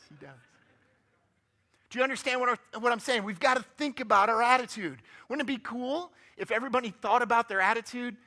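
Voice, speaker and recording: In a church sanctuary, a man with a high, sharp voice gives a motivational talk as a guest speaker. He's upbeat and joking, often putting questions to the audience.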